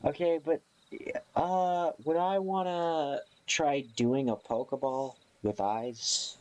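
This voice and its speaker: A man chatting casually on a live stream, sleepy and yawning, rambling slowly in a playful, offhand way. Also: a little high, fairly even intonation, darkish tone.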